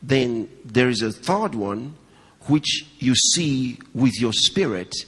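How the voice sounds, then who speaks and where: A male pastor preaching a sermon to a live congregation, swinging between raised, high emphasis and hushed, low storytelling, and putting questions and asides to the audience. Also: expressive, slow pace, breathy edge. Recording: long hall reverb.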